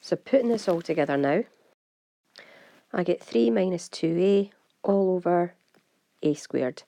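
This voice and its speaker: Scottish woman, maths teacher, brisk and step-by-step, lowish mellow voice, dry close sound. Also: animated, gravelly, no room sound. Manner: brisk, step-by-step, talks to students directly. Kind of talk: exam walkthrough lesson.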